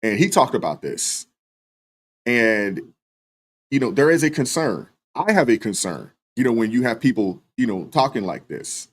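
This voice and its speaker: A man hosting a live stream, reading viewer super chats and talking through them in a relaxed way, with lots of fillers. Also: mid-range voice, normal speed, breathy edge. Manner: relaxed, many fillers, thanks viewers by name. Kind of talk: casual live stream commentary.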